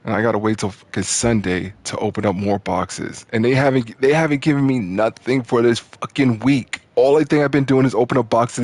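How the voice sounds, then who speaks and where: Gravelly, fed-up gamer man ranting. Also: mid-range voice, a little fast, few pauses, a little mellow, no room sound. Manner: exasperated, profane ranting. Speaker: gaming channel host. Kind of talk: frustrated gameplay commentary.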